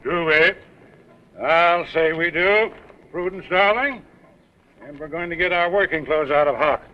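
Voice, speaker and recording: An actor playing a smooth-talking middle-aged con man, evasive and stammering, in 1930s film acting. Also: fairly high pitch, a little slow, natural voice. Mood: fond. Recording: dull old film soundtrack with faint hiss.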